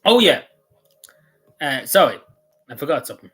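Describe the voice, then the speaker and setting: A man's voice: on the high side, very animated, normal speed, a bit bright, husky. A man with a Cavan Irish accent, chatting casually to his viewers on a livestream in a rambling way, with many restarts and fillers. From Ireland. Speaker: vlogger.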